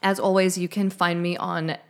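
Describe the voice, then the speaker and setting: A woman's voice: lowish voice, level tone, normal speed. A woman hosting her own podcast, talking candidly and emotionally in a casual solo chat, swearing now and then, into a studio microphone with a mixer. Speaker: podcast host.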